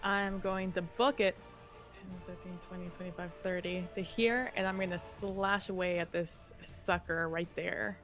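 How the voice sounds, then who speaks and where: Flat, low-pitched woman counting out her moves. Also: normal speed, soft background music. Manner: matter-of-fact, counting out moves. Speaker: player. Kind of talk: describing her character's actions at the table.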